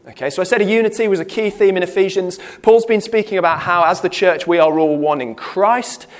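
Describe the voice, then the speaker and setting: A man leading a Bible study in a church hall, explaining a passage with frequent "okay"s and restarts. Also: fairly high pitch. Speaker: Bible teacher.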